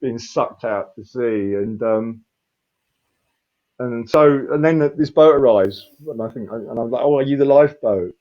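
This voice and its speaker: A man's voice: medium pitch, slow, muffled recording. Rambling man in his fifties telling a story. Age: 50s. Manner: rambling, animated, swears freely. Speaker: street performer guest. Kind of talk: casual storytelling.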